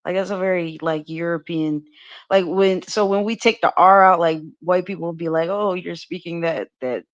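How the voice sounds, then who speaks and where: A woman's voice: fairly low pitch, steady tone, moderate pace, highs cut off. Chatty American woman with lots of fillers. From United States. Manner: talkative, many restarts and "like" fillers, laughs often. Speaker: podcast co-host. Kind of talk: casual podcast chat.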